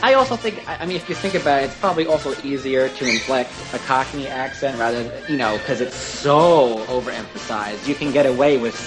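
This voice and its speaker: A man's voice: mid-range voice, fairly quick, few pauses, over music, poor audio. Enthusiastic rambling male podcast co-host. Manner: enthusiastic, rambling, with many fillers. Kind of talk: casual podcast discussion of film performances.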